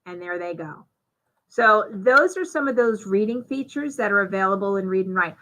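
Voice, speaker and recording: A woman giving a live software demonstration, talking through each step in a chatty way with fillers. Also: medium pitch, expressive, normal speed, a little hiss or hum, low-quality recording. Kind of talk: live software demo walkthrough.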